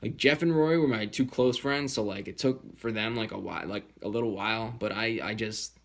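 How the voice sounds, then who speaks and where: A young man telling a personal story in a candid, rambling way, swearing often and jumping into high voices when he quotes people. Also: fairly quick. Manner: slips into high-pitched voices when quoting others.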